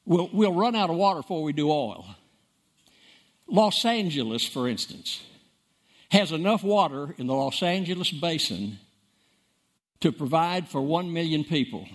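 A man preaching a sermon, emphatic and dramatic, repeating words for stress and swinging between loud and soft. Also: on the high side, expressive, measured pace, pauses often. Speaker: pastor.

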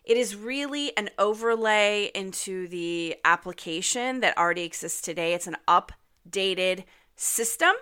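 Brief: upbeat woman podcast host, slightly nasal and getting over an illness, bright and clear. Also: medium pitch, a little slow. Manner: chatty and upbeat, frequent ums. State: recovering from illness, occasional cough. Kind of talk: casual podcast monologue.

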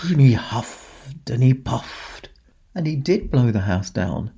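A man telling a bedtime story, gentle and expressive, leaning on long pauses. His pace is slow and unhurried. His voice is gravelly and husky. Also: medium pitch. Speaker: storyteller in a Santa persona. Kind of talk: children's storytelling.

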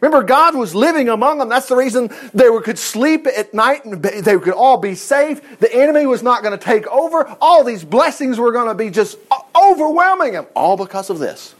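A man teaching the Bible in a loose, conversational sermon. His voice sits high and swings widely in pitch as he jumps between reading verses and excited side comments. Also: fairly quick, few pauses. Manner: animated, reads scripture aloud with folksy asides. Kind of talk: informal Bible study sermon.

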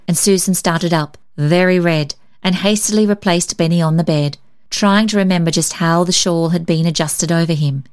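A woman narrates a storybook in a measured, gentle reading voice. Her pitch sits somewhat low for a woman, and she keeps the telling steady. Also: clean tone.

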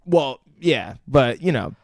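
A man's voice: medium pitch, sing-song, slow, gravelly, dry recording, studio quality. A man co-hosting a casual podcast, recapping a film in a rambling, swear-laden way. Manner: rambling, swears often, hesitant restarts. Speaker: podcast co-host.

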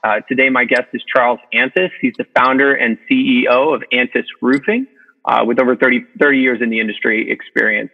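A man hosts a business podcast, rattling through his questions quickly and casually with frequent fillers. The recording sounds dull and lo-fi. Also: mid-range voice, steady tone, creaky. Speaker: podcast host. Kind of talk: podcast interview.

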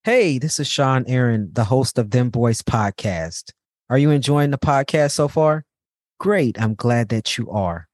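A man, the podcast's host, reading a scripted donation appeal slowly and deliberately, asking and answering his own questions. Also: medium pitch, lively intonation, darkish tone, no echo.

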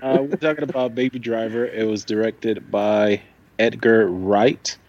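A man hosting a casual movie podcast with friends, loose and quick to laugh. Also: lowish voice, steady tone, a little mellow, muffled recording. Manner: giggly, loose, laughs often. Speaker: podcast host. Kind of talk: casual chat.

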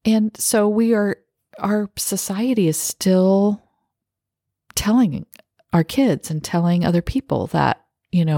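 A woman's voice: mid-range voice, slow, mellow, no room sound, studio quality. A middle-aged woman hosting a solo podcast, talking earnestly and reflectively about her own habits and acting out short example phrases. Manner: earnest, self-reflective, acts out little quoted phrases. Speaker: podcast host.

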